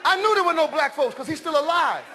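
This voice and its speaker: Middle-aged male stand-up, very high voice, loud live crowd laughing behind him. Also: fast, heavy background noise. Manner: loud, animated, shouting punchlines. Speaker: stand-up comedian. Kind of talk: stand-up comedy routine. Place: large comedy stage before a live audience.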